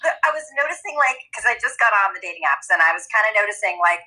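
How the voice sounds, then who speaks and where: A middle-aged woman and mother chatting candidly, laughing often and jumping into high playful voices when she quotes her kids. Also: very animated, very fast, bright, forceful tone, husky, rough recording. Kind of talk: casual chat.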